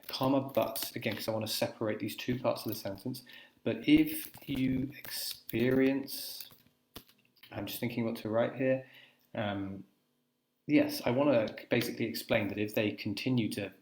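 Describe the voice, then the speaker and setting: Male English teacher, lowish voice, explains and dictates slowly while typing, echoey room with faint hiss. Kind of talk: live writing demonstration, thinking aloud. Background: keyboard typing.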